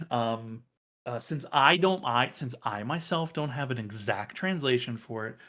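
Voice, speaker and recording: Slow, hesitant game master man. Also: medium pitch, lively intonation, pushed and bright. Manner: halting, many ums and uhs. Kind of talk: narrating a tabletop game.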